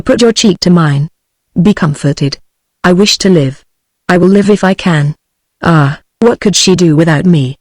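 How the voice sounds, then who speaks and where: A text-to-speech voice reading a classic short story as an audiobook, in an even, mechanical manner. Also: mid-range voice, no room sound. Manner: even, mechanical reading that speaks punctuation aloud. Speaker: narrator.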